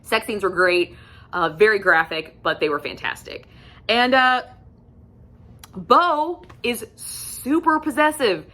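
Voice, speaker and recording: A woman casually reviewing books for her vlog, candid and chatty, swearing freely and filling pauses with ums. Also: fairly high pitch, pushed and bright. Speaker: book reviewer.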